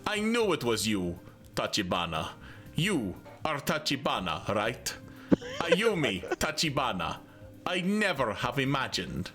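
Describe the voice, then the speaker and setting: Guy doing a deadpan fake-russian tough guy, slow, sarcastic, music under it. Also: medium pitch, exaggerated voice. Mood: booming. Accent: put-on Russian. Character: gruff adult male schoolmate with a heavy mock-Russian accent. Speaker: let's play streamer voicing a game character.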